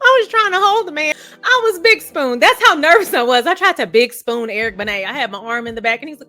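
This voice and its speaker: A woman's voice: sits high, animated, fairly quick, bright, forceful tone, soft background music. A woman vlogger giving casual commentary to her viewers, chatty and candid, poking fun at herself. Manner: chatty, candid, self-deprecating storyteller.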